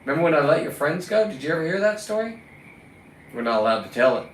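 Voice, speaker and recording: Very animated and quick, with a fairly high pitch, this California lobster fisherman rants combatively and profanely in a vlog, berating the lobsters he's caught. The sound is roomy and distant, with faint ambient noise.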